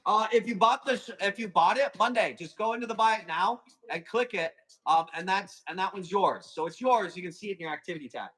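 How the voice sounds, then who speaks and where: A man hosting a live plant auction stream, chatting casually and calling quick countdowns, with a casual swear here and there. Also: sits high, fairly bright tone, rough recording. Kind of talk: livestream sales chat.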